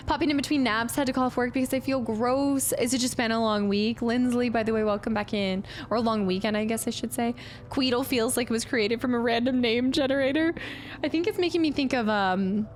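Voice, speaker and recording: A young woman streaming a game talks chattily and giggles as she plays and reads out her chat. Her voice sits high, with quiet game music running underneath. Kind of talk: live gameplay commentary.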